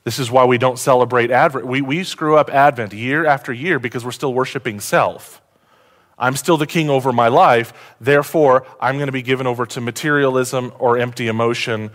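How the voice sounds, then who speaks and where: A man preaching from the pulpit at an ordinary middle pitch. He quizzes the congregation and keeps shifting between excited, rising emphasis and quiet, earnest moments. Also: brisk. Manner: animated, asks the congregation questions, swings from loud to hushed. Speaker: pastor. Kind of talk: sermon.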